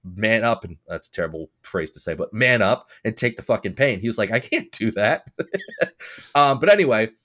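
A man's voice: fairly low pitch, expressive, a little fast, sharp tone. A man telling a long, rambling story on a casual podcast, swearing often and laughing. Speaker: podcast co-host. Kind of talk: casual chat.

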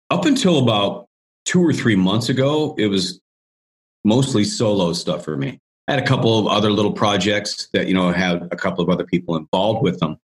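A man being interviewed as a business coach, telling a story in a rambling, chatty way full of restarts. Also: low voice. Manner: rambling, chatty, with many restarts and "you know".

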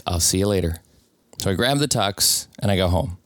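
Here a man with a fairly low voice tells a personal story at a moderate pace, earnestly and reflectively. He voices the story's people in his ordinary plain tone, and the audio is dry and close with no room sound.

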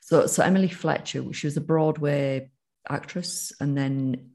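Northern English speaker for a casual podcast chat: gravelly, mid-pitched, talks in loose runs full of restarts and fillers. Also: fairly even intonation, unhurried, darkish tone. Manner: rambling, many restarts and fillers.

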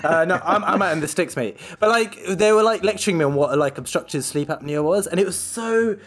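A man, a doctor, telling a work story in animated casual chat, full of "like". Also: high-pitched, a little fast. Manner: animated, filler-heavy storytelling.

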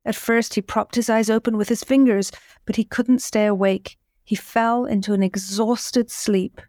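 A woman host narrating a folk fairy tale in a measured, scripted delivery, slowing at dramatic moments. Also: a little high, fairly even intonation, darkish tone, no room sound, clean studio sound. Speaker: host and storyteller.

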